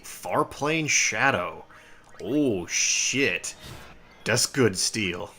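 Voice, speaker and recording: A man's voice: low voice, animated, moderate pace, fairly bright tone. A young man casually commenting on his gameplay and explaining game mechanics. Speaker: let's play host. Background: game music.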